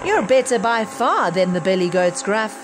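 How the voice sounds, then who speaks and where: A woman voicing a hungry, greedy male troll in a storybook read-aloud, speaking loudly and relishing his food. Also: mid-range voice, sing-song, normal speed, background noise, close to an everyday voice. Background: music.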